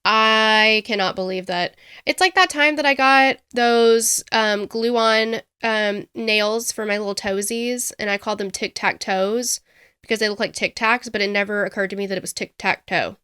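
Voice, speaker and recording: Bright-voiced giggly woman. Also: mid-range voice, moderate pace, smooth, dry recording, studio quality. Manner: giggly, self-mocking, animated storytelling. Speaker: podcast co-host. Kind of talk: casual true-crime podcast chat.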